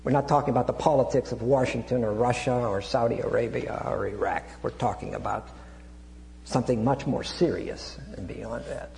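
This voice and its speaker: A man preaches an expository Bible sermon, teaching with frequent digressions, repeated restarts and Greek terms. His mid-range voice is creaky and a little mellow, at normal speed, and the echoey hall carries a hum.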